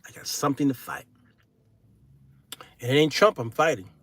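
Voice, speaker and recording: A middle-aged man hosting his own show in a solo monologue, turning from preachy sermonizing to folksy comic storytelling with shouted punchlines. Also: mid-range voice, moderate pace. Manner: folksy, casual speech. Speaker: show host.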